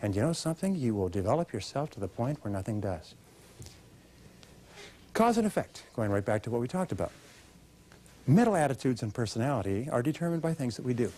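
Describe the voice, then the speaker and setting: A man delivers a motivational seminar talk in a warm, mid-range voice, very animated and fairly quick yet broken by long pauses. He speaks emphatically, asks rhetorical questions, and has the audience repeat his lines.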